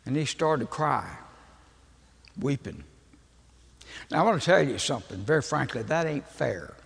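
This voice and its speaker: An older man, preaching in a folksy, humorous storytelling way with a gravelly, husky voice. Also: medium pitch, lively intonation, normal speed, a little hiss or hum. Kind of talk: storytelling sermon. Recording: long hall reverb.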